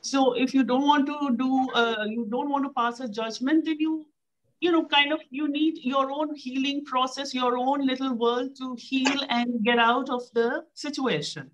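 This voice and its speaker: A woman's voice: high-pitched, steady tone, unhurried, lo-fi sound. A woman speaking thoughtfully and hesitantly in a casual conversation. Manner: thoughtful, hesitant with many uh fillers, addresses partner as sir. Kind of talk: casual conversation on self-growth.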